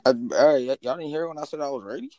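A man's voice: fairly high pitch, rapid-fire, mellow. A man talking from his car into a phone pressed to his mouth, exasperated and swearing as he laughs off the bad connection. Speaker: podcast guest. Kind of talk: casual chat over a call. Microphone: phone held close.

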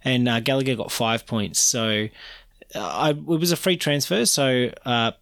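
A man's voice: mid-range voice, a little slow, gravelly, a bit bright, no room sound, clean studio sound. A man co-hosting a casual sports podcast, thinking aloud and rambling with many ums. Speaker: podcast co-host.

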